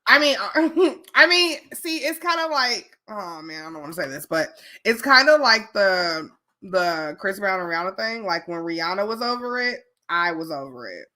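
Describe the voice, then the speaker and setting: Bright-voiced Chicago woman, animated chat. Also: mid-range voice, moderate pace. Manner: animated, profane, laughs often. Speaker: podcast co-host. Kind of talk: casual chat.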